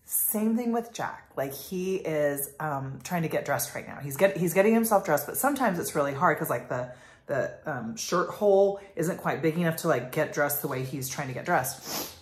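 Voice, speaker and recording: Passionate rambling woman, low voice, echoey room. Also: lively intonation, normal speed. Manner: rambling, passionate, many fillers. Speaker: life coach. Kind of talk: casual vlog monologue.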